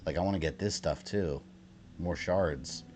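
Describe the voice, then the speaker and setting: A man streaming a video game, telling a story in casual chat, animated and swearing freely with lots of fillers. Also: low-pitched, unhurried, slight background noise. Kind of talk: casual storytelling while gaming. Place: home, lives in Florida.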